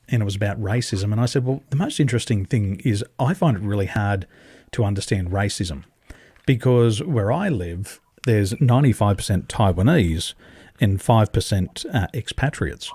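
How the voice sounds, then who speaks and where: Man, husky, animated storyteller. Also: fairly low pitch, moderate pace, no echo. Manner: animated storyteller, mocks voices for effect. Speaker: podcast guest. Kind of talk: conversational interview.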